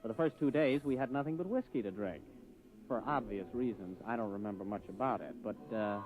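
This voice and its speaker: A man's voice: fairly low pitch, brisk, music in the background, natural voice, low-quality recording. An actor in his twenties playing a brash young American rocket captain with a Brooklyn accent, breezy and plainspoken, who also narrates. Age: 20s.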